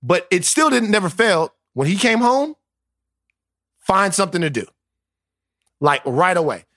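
A man's voice: high-pitched, very animated, moderate pace, a bit bright, dry recording, clean studio sound. A man, co-hosting a podcast in casual, profane, joking banter. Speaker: podcast co-host.

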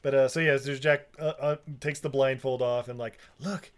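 A man on a podcast retelling a movie scene by scene, laughing a lot and slipping into quick character voices. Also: mid-range voice, fairly even intonation, smooth. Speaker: podcast co-host. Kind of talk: casual movie recap chat.

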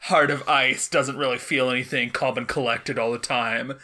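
A woman in casual conversation, animated and laughing often as she acts out quotes. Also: rumbling low, moderate pace. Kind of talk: casual chat.

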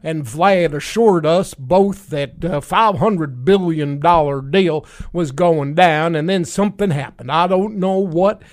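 A man's voice: a little high, measured pace, few pauses, lightly acted. A man putting on a rambling older Texan oilman who was pushed out as top diplomat. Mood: aggrieved.

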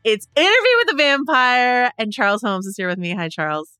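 A woman hosting a podcast over a video call, chatting quickly and excitably and laughing easily. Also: a little high, clean tone, no echo, clean studio sound, faint music behind. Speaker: podcast host.

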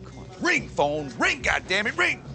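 An actor playing an excitable, panicky man in a TV comedy-drama, frantic and high-strung. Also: moderate pace, exaggerated voice. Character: excitable, panicky actor, older brother type. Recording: TV scene with music underneath.

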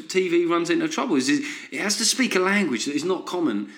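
A man's voice: fairly high pitch, expressive, quick pace, hardly any pauses, a bit bright. A man hosting a solo comedy podcast, ranting sardonically and tossing in frequent "right?" asides. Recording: roomy echo.

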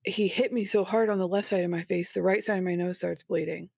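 A woman's voice: on the low side, steady tone, quick pace, gravelly, darkish tone, slightly rough, dry recording, clean studio sound. A woman speaking as a guest on an interview podcast, recounting her experiences in a frank, conversational way. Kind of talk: interview storytelling.

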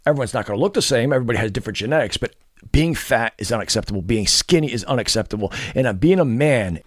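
A man rants to camera in a blunt, profane, scornful lecture, his pitch swinging widely as he mocks and scolds. The sound is close and dry, with no room around it. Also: lively intonation, fast, no room sound. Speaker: fitness and dating vlogger. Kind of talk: blunt ranting monologue.

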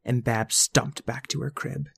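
Brief: playful narrator for a kids' story, expressive reading. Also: mid-range voice, measured pace, gravelly, slightly rough, dry recording, clean studio sound. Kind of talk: scripted children's story narration.

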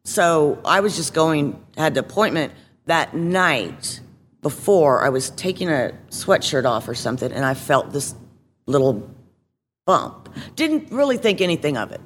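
A woman guest telling her own story in a casual interview, candid and halting, with many fillers and restarts. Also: deep voice, sing-song, big-room sound, slight background noise.

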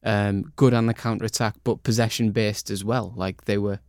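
A man's voice: on the low side, level tone, moderate pace, a little mellow, no echo, studio quality. A man chatting and joking through a football debate. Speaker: football podcast panelist. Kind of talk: casual football banter.

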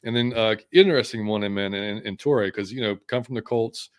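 Brief: man, podcast co-host, deeper voice, relaxed news rundown, dry close sound. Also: fairly quick, dry recording. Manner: laid-back, many fillers, reads out team news. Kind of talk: casual chat.

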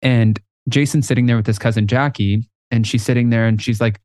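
A man co-hosting a podcast in casual chat, telling lively stories and acting out other people's lines. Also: mid-range voice, fast, few pauses, dry recording, clean studio sound. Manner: animated storyteller, acts out quotes. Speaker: podcast co-host.

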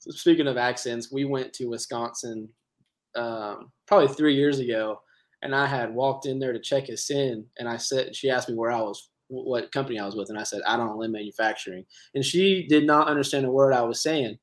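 A man's voice: medium pitch, a little fast. A man, a guest chatting easily about hunting trips. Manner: easygoing, agreeable, chuckles often. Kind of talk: casual hunting chat.

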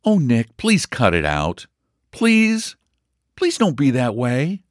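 A man voicing a patient, hurt young woman who coaxes and pleads softly. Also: rumbling low, wildly swooping pitch, slow pace, no room sound, clean studio sound, voice pushed up, full character voice. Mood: pleading. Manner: soft coaxing, pleading.

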